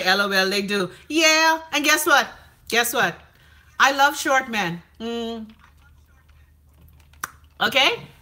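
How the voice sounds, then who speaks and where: This female live streamer reads out her viewers' comments in a loud, foul-mouthed, gossipy style. Her tone is sharp, and she leaps abruptly into high, dramatic pitches.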